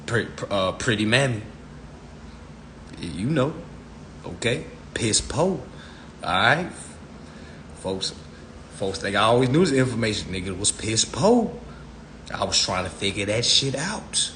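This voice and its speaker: A man's voice: fairly low pitch, very animated, measured pace, pauses often, a bit bright, a little hiss or hum. A man on a live stream, ranting in a blunt, profane, preachy way into his phone. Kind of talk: casual rant.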